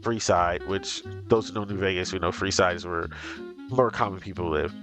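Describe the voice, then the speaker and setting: A man casually recapping and reviewing a show, chatty and excitable, peppering his talk with "like". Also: low-pitched, normal speed. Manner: excitable, chatty, heavy use of "like". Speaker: video reviewer. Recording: voice over background music. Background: music.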